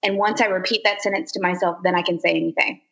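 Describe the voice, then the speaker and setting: A woman from Zimbabwe, a voice actor and podcast guest, chatting in an animated way and laughing easily. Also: on the low side, quick pace, creaky, highs cut off. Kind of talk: casual interview.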